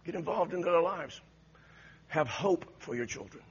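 A man's voice: a little high, expressive, moderate pace, breathy edge, dull audio. A male preacher giving an impassioned sermon with repeated exhortations to the congregation.

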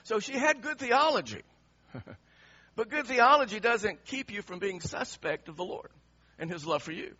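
A male pastor preaches with emphasis and asks his congregation the same question again and again. His voice sits high for a man and sounds sharp and husky. The recording has a slightly dull tone. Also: very animated, normal speed. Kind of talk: sermon.

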